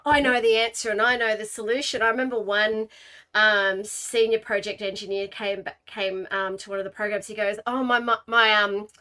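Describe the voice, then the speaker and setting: A woman hosting a podcast who tells stories in a lively conversational way, acting out quotes. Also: mid-range voice, normal speed. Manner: animated storytelling with acted quotes. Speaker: podcast host and leadership coach. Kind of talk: casual conversation.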